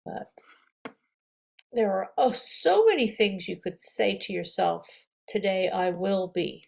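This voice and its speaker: A woman yoga teacher gently leading affirmations and breathing for a guided meditation. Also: medium pitch, sing-song, gravelly. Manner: gentle, slow, encouraging, with audible breaths.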